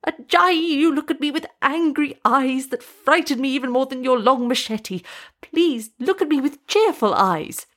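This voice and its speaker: A woman voicing a frightened, pleading old male witch doctor in a storybook reading, drawing his words out high and slow. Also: sing-song, exaggerated voice. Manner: high, drawn-out, pleading delivery.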